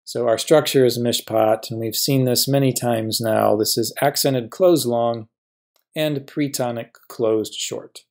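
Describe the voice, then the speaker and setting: Man, professor, grammar lesson, patient explaining, asks and answers own questions, mid pitch. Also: fairly even intonation, measured pace, a little mellow.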